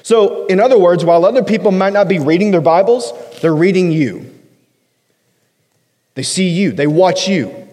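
A man's voice: sits high, moderate pace, long pauses, mellow. A man preaching a sermon in a casual, joking style, hitting single words hard for emphasis. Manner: conversational preaching with joking asides. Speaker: pastor. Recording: long hall reverb.

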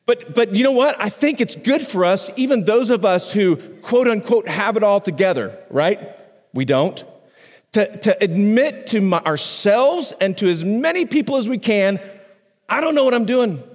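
A somewhat high-voiced man preaches a sermon into a microphone, talking like he's chatting with the congregation. He restarts phrases and pushes his pitch up and down to stress points. His voice rings out with the long reverb of a big church sanctuary. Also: lively intonation, moderate pace. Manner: conversational preaching with restarts, pitch swinging high and low for emphasis. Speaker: pastor.

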